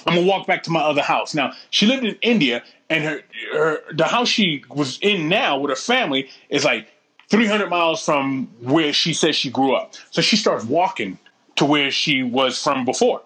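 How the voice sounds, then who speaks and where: Lively, slangy man telling a story. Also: a little high, moderate pace. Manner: slangy, profane storytelling with acted-out quotes. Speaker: storyteller in a conversation. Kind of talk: casual chat.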